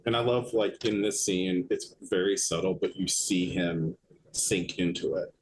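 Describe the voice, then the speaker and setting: A man's voice: deep voice, unhurried, husky, poor audio. A man joining a casual podcast discussion as a guest, speaking in a reflective, thoughtful way with frequent "like"s. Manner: reflective, thoughtful, uses "like" often.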